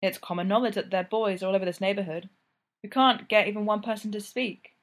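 A woman's voice: mid-range voice, fairly quick, lightly acted. A woman reads as an eager young constable in a spoken storybook. He chooses his words carefully and defers politely to his superior officer. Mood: earnest. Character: earnest young male police constable.

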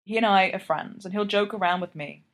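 A man's voice: high-pitched, a little fast, fairly bright tone. Woman reading as a blunt young college guy, firm and teasing. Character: tipsy young male college friend, blunt and protective.

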